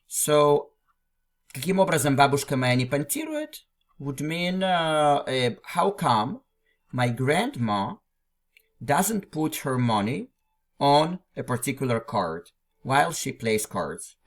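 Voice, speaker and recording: A man's voice: medium pitch, sing-song, slow. A man teaching a language through a classic text, explaining it line by line. He talks patiently and often repeats phrases or restarts a sentence.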